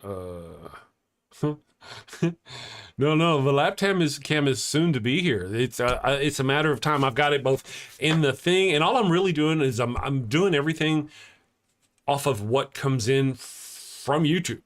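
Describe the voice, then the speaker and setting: A man's voice: medium pitch, expressive, unhurried. A man hosting a live morning show, chatting casually and reading out viewer comments in a rambling, jokey way that often breaks into laughter.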